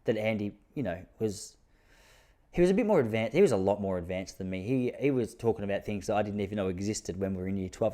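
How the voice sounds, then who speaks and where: A man's voice: lively intonation, quick pace, dark tone. An Australian man in his thirties hosting a podcast, telling stories in a laid-back, self-mocking way. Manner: laid-back, self-mocking, jumps to high-pitched disbelief when telling jokes. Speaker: podcast host. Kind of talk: casual storytelling monologue.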